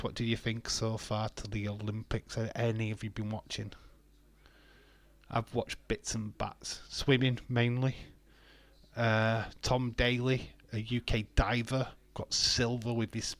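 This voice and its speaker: On a dry, fairly bright recording, a UK wrestling watch-along streamer speaks in a lowish voice with little pitch movement at a measured pace. The British man chats casually with viewers, laughing a lot and singing and joking to himself.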